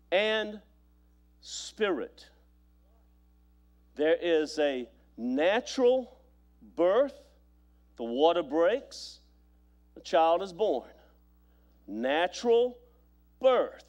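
Pastor, male, high voice, storytelling sermon delivery with repetition. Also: darkish tone. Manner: storytelling preacher, repeats phrases, stammers on restarts.

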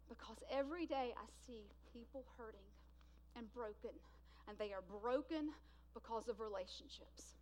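A woman preaching a sermon, swinging from loud emphatic bursts to hushed, slow, drawn-out lines. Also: a little high.

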